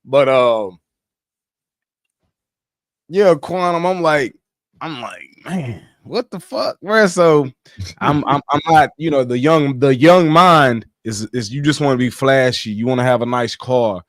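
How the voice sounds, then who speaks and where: A man on a casual livestream, telling his life story in animated slang, swearing freely. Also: medium pitch, unhurried, dry recording, clean studio sound.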